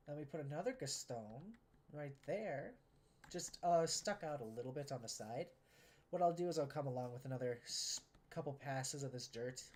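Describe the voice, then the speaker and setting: A woman's voice: a bass voice, a little mellow. A woman streaming a train building game, talking casually to herself and viewers, sarcastic and exasperated, often swearing.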